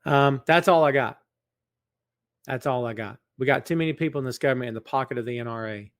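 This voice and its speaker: A middle-aged man, a podcast host, talks fast in a mid-range voice with no echo during a casual live-stream chat. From a large empty building, with the microphone in front of a camera, he greets and teases viewers by name, then turns serious and earnest in his appeal.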